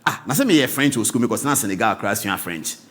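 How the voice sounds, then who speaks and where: Playful, high-spirited Ghanaian auntie, as a male storyteller puts her on, teasing, mixing in local words. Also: expressive, fast, a bit bright. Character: bubbly older Ghanaian woman, teasing and spirited.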